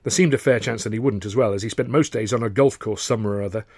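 A man narrating his own novel in a wry, measured way. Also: fairly low pitch, darkish tone, slightly rough, no room sound, studio quality. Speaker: author and narrator. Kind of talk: scripted audiobook narration.

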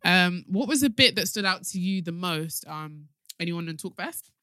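Young female host, lively casual chatter, dry close mic. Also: on the low side, no room sound. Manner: animated, laughs often, quick bursts. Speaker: podcast host. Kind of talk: casual chat.

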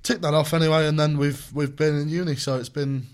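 A man's voice: on the high side, little pitch movement, a little fast. A young man co-hosting a casual podcast chat, jokey and rambling with plenty of ums and restarts. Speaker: podcast co-host.

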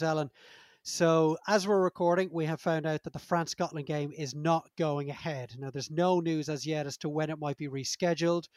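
A man's voice: fairly high pitch, darkish tone, dry recording, studio quality. A man hosting a rugby podcast, speaking fluently and steering the talk. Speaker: podcast host. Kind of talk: podcast discussion.

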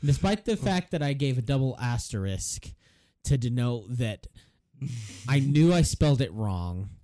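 A man co-hosting a podcast in casual chat, animated, self-mocking and swearing freely. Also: mid-range voice, measured pace, no room sound, studio quality. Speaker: podcast co-host.

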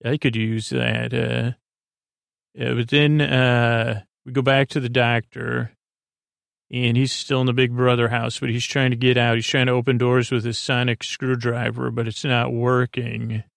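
A man's voice: medium pitch, little pitch movement, a little slow, gravelly, no room sound, studio quality. A man hosting a podcast, rambling through a sleepy recap of a TV episode with many fillers and restarts. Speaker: podcast host.

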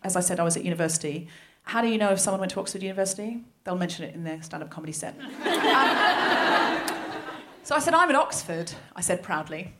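Speaking fast in a mid-range, animated, fairly bright voice, an Australian comedian and host of about forty tells a story on a live stage before an audience. She acts out the people she quotes. A little hiss or hum sits in the recording.

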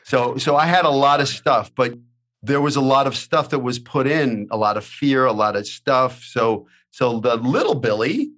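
A man's voice: mid-range voice, lively intonation, normal speed, fairly bright tone. A man in casual conversation, talking earnestly and motivationally, often saying "you know". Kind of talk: casual podcast chat.

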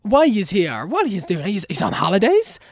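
A man voicing a nosy, gruff old man. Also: high voice, wildly swooping pitch, moderate pace, no echo, studio quality, pitched above the performer's own voice, exaggerated voice.

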